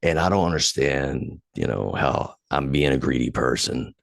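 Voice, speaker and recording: A man's voice: very deep voice, normal speed, creaky, no echo, studio quality. A man hosting a podcast, casually telling a story with lots of swearing, getting heated as he recalls old anger. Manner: profane, animated when retelling anger. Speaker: podcast host.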